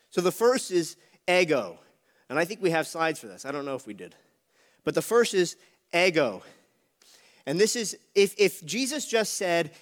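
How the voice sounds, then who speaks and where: A man with a high voice preaches a sermon. He works through scripture in a steady teaching manner, explaining the Greek words for his listeners.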